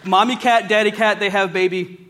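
A man preaching a sermon in a church, plain-spoken and folksy, slowing down whenever he reads scripture aloud. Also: high voice, fairly even intonation, a bit bright.

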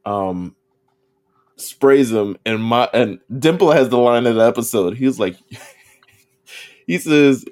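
A man's voice: mid-range voice, animated, slow, long pauses, darkish tone. A man co-hosting a podcast, recapping an anime episode in casual chat, acting out characters' lines and laughing often. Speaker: podcast co-host.

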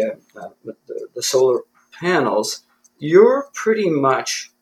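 A man's voice: fairly high pitch, poor audio. A man from Canada, a guest in an interview, talking in a thoughtful, self-deprecating way and often restarting his sentences. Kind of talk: conversational interview.

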